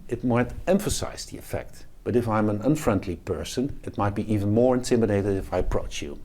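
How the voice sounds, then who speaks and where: A man's voice: fairly low pitch, a little mellow. A man, a professor, explains a topic to camera in a video lecture and demonstrates what he describes as he talks. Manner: explanatory, demonstrates behaviours while talking. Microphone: camera facing speaker.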